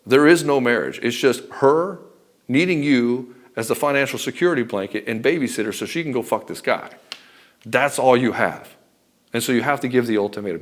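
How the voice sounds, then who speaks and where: A man's voice: mid-range voice, brisk. A middle-aged man giving blunt, profane relationship advice straight to camera as a coach. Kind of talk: direct-to-camera advice talk.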